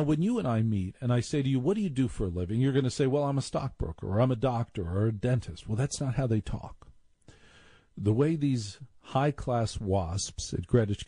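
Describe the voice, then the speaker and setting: A man's voice: medium pitch, dark tone, breathy edge, no room sound. A man telling a wry personal story, now and then mimicking snobbish voices.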